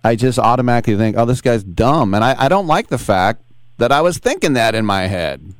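A man hosting a sports radio show from the studio, quick and chatty, asking rambling questions. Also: medium pitch, sing-song, smooth, no room sound. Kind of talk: radio interview.

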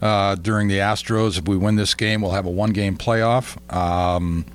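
A man, a former player on a podcast, telling relaxed stories with many fillers. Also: fairly low pitch, moderate pace. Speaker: former ballplayer guest. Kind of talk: casual conversation.

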